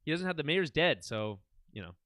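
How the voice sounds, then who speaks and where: Lively, bright-voiced man recapping a show. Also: fairly high pitch, a little fast, dry recording, clean studio sound. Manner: animated, laughs often, quotes characters in asides; swears casually. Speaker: podcast co-host. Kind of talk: casual recap chat.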